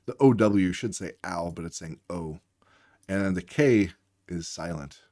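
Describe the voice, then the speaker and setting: A man's voice: deep voice, unhurried, a little mellow, dry recording, studio quality. A man working as a reading tutor, patiently explaining word spellings while acting out both teacher and student. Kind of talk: instructional demonstration.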